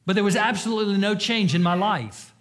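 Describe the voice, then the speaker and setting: Male pastor, sermon delivery, slightly high voice, earnest, shifts from forceful peaks to near-whispered moments. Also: brisk. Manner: earnest, swings between loud emphasis and hushed confession.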